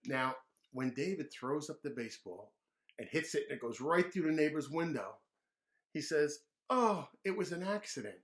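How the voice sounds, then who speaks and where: A man reading a picture book aloud to children, gently pausing to ask them questions. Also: on the high side. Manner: gentle, asks kids questions. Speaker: children's storyteller.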